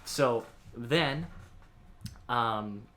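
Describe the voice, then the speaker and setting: A man's voice: medium pitch, extremely slow, bright, forceful tone, slight background noise. A young man hosting a casual podcast at home, telling a story in a rambling way with lots of fillers. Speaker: podcast host. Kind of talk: casual chat. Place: home with dogs. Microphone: podcast mic with headphones.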